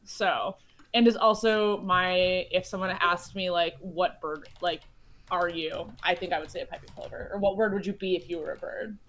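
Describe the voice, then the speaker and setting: A woman's voice: fairly low pitch, steady tone, normal speed, a bit bright. A woman from Chicago, a guest in a casual chat, telling long rambling stories with lots of fillers and restarts. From United States (Chicago). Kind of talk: casual chat while playing a board game.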